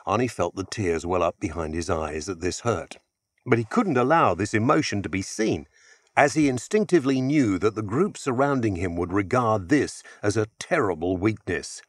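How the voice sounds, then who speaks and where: With a voice on the low side, he narrates an audiobook expressively and at a measured pace. The studio-quality recording has no echo.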